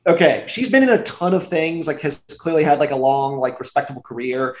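A man's voice: a little high, animated, brisk, darkish tone. Rambling man with roomy echo. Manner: rambling, filler-heavy, laughs often. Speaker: podcast co-host. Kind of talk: casual chat reviewing a movie.

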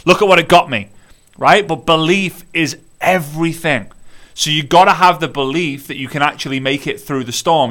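Bright, energetic motivational male speaker. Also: a little high. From United Kingdom. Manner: energetic, repetitive, rallying, direct address to listeners. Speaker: network marketing business coach. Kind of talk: motivational monologue.

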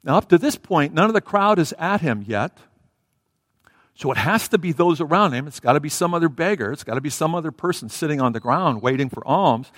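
A man preaches in a church, acting out the story with animated swings between loud and soft delivery. His voice sits a little high, and it sounds close and dry. A long hall reverb trails behind it. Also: fairly quick. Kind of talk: sermon.

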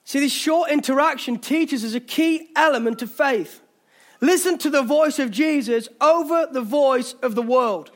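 A man's voice: very high voice, moderate pace. A man with an English accent preaching a passionate sermon in a church, urging listeners on, with jokey asides. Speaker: pastor. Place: church hall.

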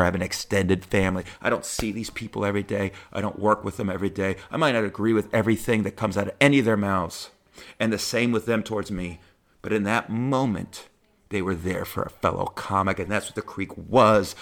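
A middle-aged man, a stand-up comedian, telling personal stories in a profane, heartfelt, animated way. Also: fairly low pitch. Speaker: stand-up comedian, podcast host. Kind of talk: personal storytelling monologue.

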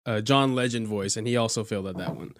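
A man's voice: fairly low pitch, quick pace, no room sound, studio quality. A man hosting a podcast, encouraging his guest and laughing along. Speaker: podcast host. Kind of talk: casual chat.

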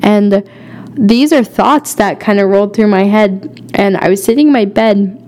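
A young woman recounts a personal faith story in a loose, conversational way, sprinkling in fillers as she goes. Her voice sits at an ordinary middle pitch, earnest and openly emotional. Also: moderate pace, a little mellow. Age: young adult. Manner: chatty, many fillers and "like". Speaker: podcast host.

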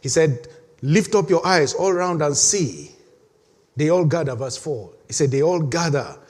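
A man preaching a sermon as pastor, animated, laughing often and leading the congregation in reading together. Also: a little high, moderate pace. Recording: long hall reverb.

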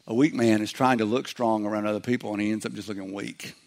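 Gravelly-voiced male pastor preaching. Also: on the low side, steady tone, fast, darkish tone. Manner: conversational preaching, acts out little quoted voices. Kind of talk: sermon.

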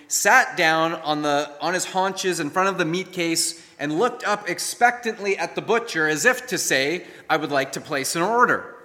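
Bright-voiced pastor preaching in a reverberant church. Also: male voice, on the high side. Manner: animated storyteller, acts out quoted lines. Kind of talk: sermon with storytelling. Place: church sanctuary. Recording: long hall reverb.

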